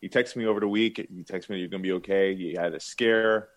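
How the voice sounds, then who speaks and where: A man's voice: sits low, fairly even intonation, brisk. A younger man co-hosting a podcast, answering teasing in a hesitant, defensive way with stammered restarts. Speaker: podcast co-host. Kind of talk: casual banter.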